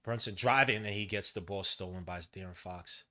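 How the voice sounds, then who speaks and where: A man's voice: low voice, normal speed. Fired-up New man calling a game. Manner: excitable, frustrated outbursts, slangy banter. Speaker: podcast host. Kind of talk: live watch-along play-by-play commentary.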